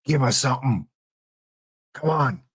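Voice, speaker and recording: A middle-aged man giving chatty, joking live-stream commentary while playing a baseball sim, excited and wired on coffee. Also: mid-range voice, measured pace, breathy edge. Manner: chatty, joking, talks to chat bots.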